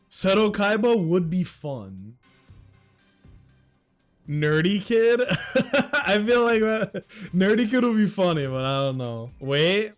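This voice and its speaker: A young man streaming a game, excitable and joking with his chat, swearing freely. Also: on the high side. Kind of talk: casual gaming commentary.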